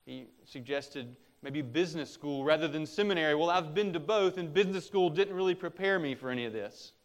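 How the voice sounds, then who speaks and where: Man, middle-aged, pastor preaching, earnest, exhorting, slightly high voice. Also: fairly quick. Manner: earnest, exhorting, with rising intensity on warnings. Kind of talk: sermon.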